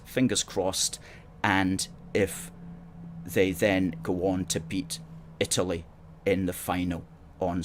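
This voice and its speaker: A man hosts a live stream in a somewhat low voice, reading viewer comments aloud. He pushes each point with emphatic repetition and an opinionated edge. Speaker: host. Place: studio in Glasgow.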